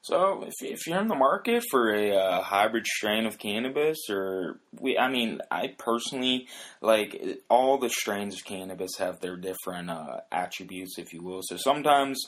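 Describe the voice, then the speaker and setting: Low-voiced man rambling through a casual explainer. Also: lively intonation, moderate pace, fairly bright tone, slight background noise. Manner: rambling, many fillers and restarts, "if you will". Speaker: podcast host.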